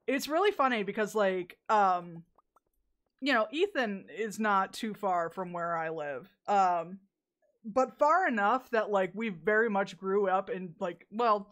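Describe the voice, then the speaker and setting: A woman's voice: mid-range voice, expressive, unhurried, fairly bright tone. A young woman from the American South chatting casually with her stream chat while playing a game, laughing often and swearing freely. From Southern United States.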